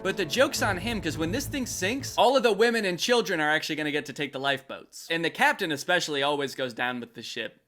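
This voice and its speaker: A man's voice: fairly high pitch, animated, fast talker, hardly any pauses, a bit bright, soft background music. A man doing comedic reaction commentary, sarcastic and jokey, laughing at his own bits. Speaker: YouTube commentator.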